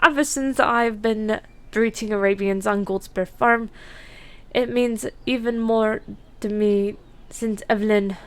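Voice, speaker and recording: A woman's voice: medium pitch, fairly even intonation, a little slow, fairly bright tone, clear, resonant tone, close to an everyday voice. Woman doing an Irish horse farmer. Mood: storytelling. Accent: attempted Irish. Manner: reading game dialogue aloud, storytelling. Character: young Irish male horse farmer, gentle.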